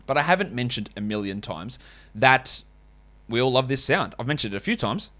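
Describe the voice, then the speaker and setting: A man's voice: mid-range voice, sing-song, a little fast, fairly bright tone. Man, podcast host, casual and wry, rambling asides. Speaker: fantasy basketball podcast host. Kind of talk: casual podcast chat and host-read ads.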